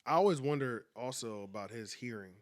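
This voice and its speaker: A man's voice: medium pitch, brisk. A man co-hosting a podcast, chatting casually and acting out stories with laughs. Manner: animated storyteller, acts out scenes with laughs. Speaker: podcast co-host. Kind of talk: casual chat.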